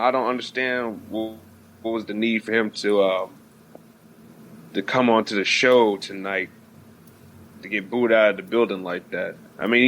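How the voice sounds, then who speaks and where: A man's voice: mid-range voice, a bit bright, a little hiss or hum, low-quality recording. A man appearing as a guest on a wrestling podcast, blunt and opinionated. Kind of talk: casual wrestling chat.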